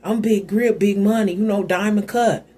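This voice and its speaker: A woman's voice: medium pitch, fairly even intonation, moderate pace, warm tone, husky, natural voice. A woman voicing a boastful, scheming older father-in-law who accuses his son-in-law in street-style talk. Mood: accusing.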